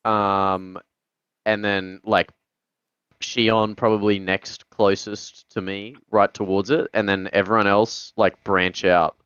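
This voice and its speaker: Smooth low-voiced male gamer, dull mic. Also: little pitch movement, slow, a bit bright, no room sound. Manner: casual, swears often, hesitant planning. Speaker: player. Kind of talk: casual tabletop game chat.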